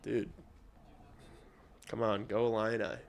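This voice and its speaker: A man streaming live as he watches hockey, chatting bluntly and profanely with his viewers and now and then working up into loud rants. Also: lowish voice, little pitch movement, slow pace, vocal fry.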